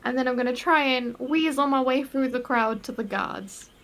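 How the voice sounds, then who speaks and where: A woman's voice: high voice, moderate pace, a bit bright. A woman playing a tabletop game, chattily describing what her character does. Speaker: player.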